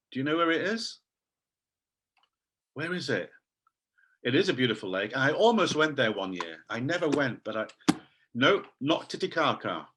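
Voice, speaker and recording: Over a video call, a man runs an online teacher training session, enthusiastic and animated as he quizzes his audience and reads names from the chat. His voice is husky and medium in pitch.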